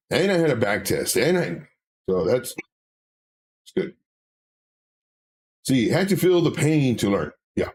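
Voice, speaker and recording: Animated husky-voiced man chatting on a live stream. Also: mid-range voice, slow, long pauses. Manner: animated, candid, with filler words and self-corrections. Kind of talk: casual live-stream chat reading comments.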